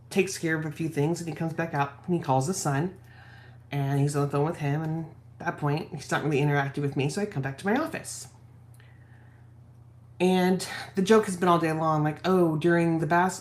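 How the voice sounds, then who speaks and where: A woman vlogger candidly telling a personal story from home, quoting her husband and herself as she goes. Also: low-pitched. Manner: candid, reflective, quotes husband in her own voice. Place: at home office.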